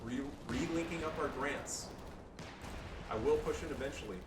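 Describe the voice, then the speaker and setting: Casual gameplay commentary: a man with a mid-range voice talks at a moderate pace over replays of his strategy game matches, swearing a lot and cracking crude jokes. He's recorded from a distance, off-mic in an echoey room with faint noise.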